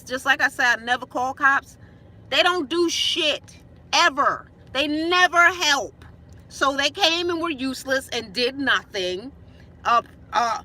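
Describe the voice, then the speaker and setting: A woman's voice: on the high side, bright, forceful tone. A woman telling a heated, profane story in a venting vlog, recorded on a phone in her parked car. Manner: blunt, profane, heated retelling. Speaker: vlogger.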